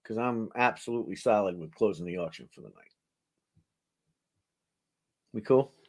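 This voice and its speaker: A man's voice: lowish voice, normal speed, a little mellow. A middle-aged man hosting a coin auction, telling rambling anecdotes to his audience and chuckling as he goes. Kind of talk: casual storytelling to a live audience.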